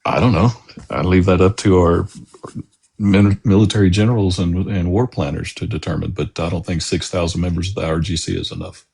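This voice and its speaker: A man calling into a live stream to argue politics, halting with many fillers but firm in his views. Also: deep voice, steady tone, gravelly, darkish tone, husky. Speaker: caller. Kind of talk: casual political debate.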